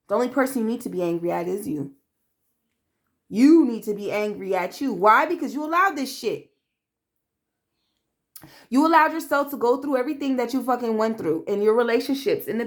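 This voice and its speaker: A woman doing a tarot reading to camera in a blunt, profane, streetwise manner, calling the listener babe and acting out quoted voices. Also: fairly high pitch. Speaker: tarot reader.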